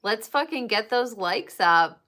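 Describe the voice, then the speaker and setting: A woman's voice: medium pitch, animated, a little slow, bright, forceful tone. A woman livestreaming, chatting casually and gossiping with her viewers and swearing freely.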